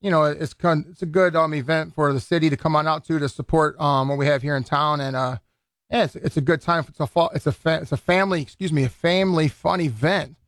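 A man with a slightly higher-than-usual voice talks loosely as a guest in a radio studio, circling back and restarting his sentences. His voice sits dry and close on the studio microphone, with no room sound around it. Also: steady tone, quick pace, a bit bright, no room sound. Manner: rambling, loose, many restarts and fillers. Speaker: boxing event organizer. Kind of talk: casual radio interview.

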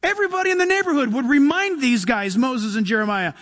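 A man preaching an animated sermon, acting out quoted voices and saying "listen" often. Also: extremely high pitch, fast. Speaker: pastor. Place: church.

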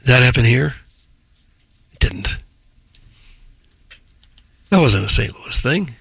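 A man's voice: medium pitch, expressive, takes it slowly, vocal fry, fairly bright tone, husky, no echo, studio quality. A man co-hosting a talk radio show, musing in rambling casual asides. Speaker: radio co-host.

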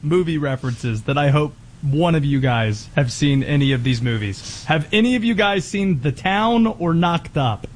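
Male host, a bit high-pitched, measured, teasing, steers the segment. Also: animated. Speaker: sports radio host. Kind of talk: sports talk radio banter.

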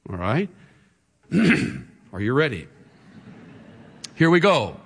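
A man preaching a sermon to a congregation, swinging from hushed words to shouts. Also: medium pitch, huge pitch swings, extremely slow, vocal fry, long pauses, breathy edge, big-room sound. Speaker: pastor.

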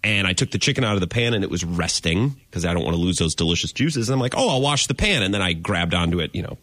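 A man chatting casually as a co-host, telling a story in a quick, rambling, animated way. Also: low voice, dry recording. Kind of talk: casual chat.

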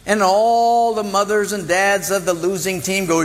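A man's voice: high-pitched, moderate pace, hardly any pauses. A man preaching a sermon in a church, telling illustrative stories and acting out the voices of the people in them. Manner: animated storytelling, acts out voices. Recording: long hall reverb.

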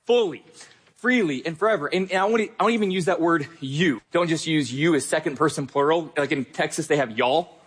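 A young adult male pastor delivers a sermon in an earnest, emphatic way, speaking right to his listeners. His voice sits fairly high and has a husky grain. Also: fairly quick.

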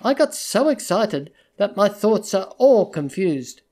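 A narrator voicing a tearful, unwell woman who pleads timidly and then threatens in a hushed, tense voice. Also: medium pitch, sing-song, slow, voice pushed up. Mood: tense threatening. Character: desperate unstable woman, former employee. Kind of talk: audiobook character reading.

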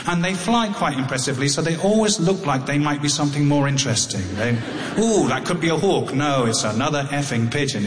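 A middle-aged English man telling a personal story live, halting and wry, with frequent restarts. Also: medium pitch, fairly bright tone. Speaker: storyteller on tour. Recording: long hall reverb, faint noise.

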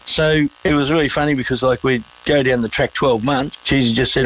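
A man's voice: mid-range voice, steady tone, brisk, fairly bright tone, a little hiss or hum, poor audio. A man with an Australian accent, a former miner, telling his story in a laid-back, chatty way in an interview. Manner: laid-back, chatty, full of fillers and quoted dialogue.

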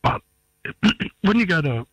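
An Australian man, a musician guest, tells a story in a lively, quick way, with sudden jumps into a high voice. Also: husky, no echo. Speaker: award-winning musician guest. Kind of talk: animated storytelling in conversation. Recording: slightly dull, lo-fi radio sound.

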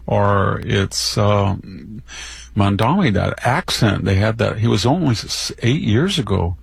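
An older man delivering indignant, rambling commentary with frequent restarts. His voice is gravelly and husky, recorded close and dry. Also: lowish voice, lively intonation, moderate pace, no echo. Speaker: commentator guest. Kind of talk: opinion commentary.

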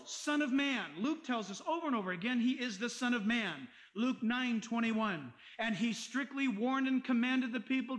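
A man's voice: extremely high pitch, fairly bright tone, poor audio. A man preaching a sermon as pastor, reading scripture and driving points home with rhetorical questions.

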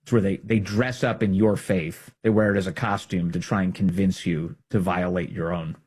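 A middle-aged man delivering an emphatic, combative political commentary monologue, swinging between loud emphasis and hushed asides. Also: sits low, fairly even intonation, moderate pace, slightly rough.

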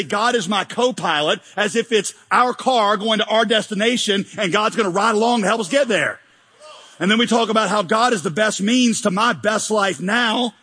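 A man preaching a sermon as pastor, animated and joking, often acting out mock prayers in a large church hall. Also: high-pitched, husky. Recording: long hall reverb.

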